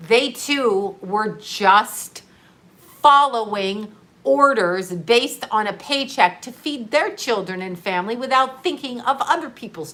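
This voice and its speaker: Sarcastic woman ranting on a live stream. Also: mid-range voice. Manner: animated, sarcastic, laughs often. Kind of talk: casual live-stream rant.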